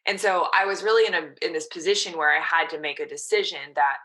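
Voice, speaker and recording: A woman's voice: lowish voice, fairly even intonation, fast, bright, forceful tone. A woman in her thirties, a mental performance coach, casually telling her story as a podcast guest and quoting her own past thoughts.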